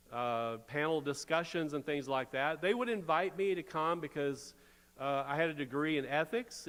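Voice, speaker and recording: A man's voice: mid-range voice, fairly bright tone. Wry male pastor in echoing church. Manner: conversational preaching with wry asides. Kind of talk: sermon. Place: church sanctuary. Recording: long church reverb.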